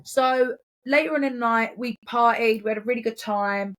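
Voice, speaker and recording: An English woman telling a story in casual podcast chat, swearing freely and quick to act out what people said. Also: a little high. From England. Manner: chatty, swearing, animated impressions in quotes. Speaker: podcast co-host.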